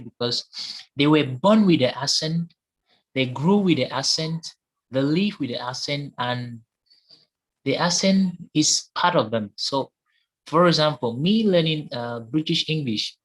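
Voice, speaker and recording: A man's voice: medium pitch, a bit bright, low-quality recording. Earnest man repeating points for emphasis. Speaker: discussion participant. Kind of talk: giving an opinion in an online discussion. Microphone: online call.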